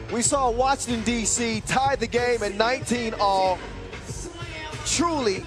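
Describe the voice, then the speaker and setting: A man with a very high voice calling live basketball play-by-play, drawing out his words at an unhurried pace. He shouts hyped calls and likes rhymes and wordplay, with music playing behind him. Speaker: play-by-play commentator.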